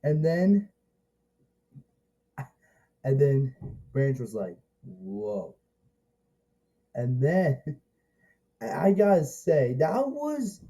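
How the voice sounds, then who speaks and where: A man recaps a movie in a loose, halting way, circling back and restarting his sentences. His delivery is slow, but his pitch swings widely when he gets excited. The tone is deep and mellow, and he sits a touch higher than most men. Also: poor audio. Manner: rambling and halting, with many restarts and excited exclamations. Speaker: movie reviewer. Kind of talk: casual spoken movie review.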